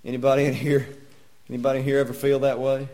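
Man preaching in church, folksy and joking, fond of rhetorical questions, mid-pitched voice. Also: little pitch movement, quick pace, a little mellow. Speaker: pastor. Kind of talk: sermon.

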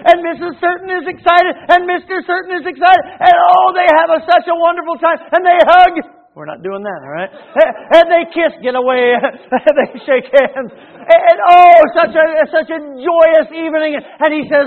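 A man preaching a sermon, reading scripture and telling a Bible story with animated acted voices. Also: very high voice, normal speed. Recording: tinny phone-like sound.

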